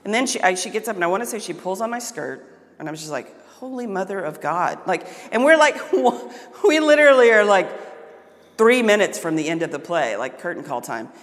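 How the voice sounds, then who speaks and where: A woman tells a story from the stage in a casual, animated way, her pitch leaping around as she mimics voices and silly sound effects. Her voice sits in the middle range. A long reverb trails after her words. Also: brisk. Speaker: theater actor.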